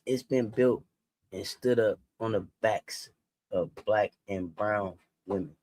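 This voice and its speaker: A sports talk host giving heated casual commentary, profane and swinging from quiet to shouting. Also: deep voice, slow pace, no room sound.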